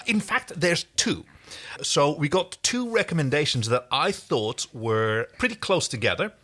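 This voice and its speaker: A man's voice: expressive, pushed and bright. A man co-hosting a casual podcast, reading fanfic aloud with playful banter. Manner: playful, quick to laugh, jumps up in pitch. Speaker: podcast co-host. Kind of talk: casual fanfic read-through.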